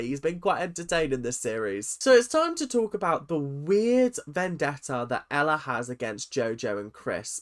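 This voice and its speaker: Sassy young British man ranting. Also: on the high side. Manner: chatty, sassy, animated, talks straight to viewers. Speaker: YouTube reality-TV commentator. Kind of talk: casual ranting commentary.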